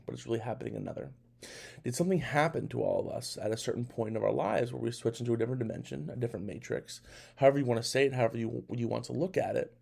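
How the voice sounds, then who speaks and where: A young man hosting a casual solo podcast, talking in an animated, incredulous way with rambling restarts. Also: medium pitch, creaky. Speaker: podcast host.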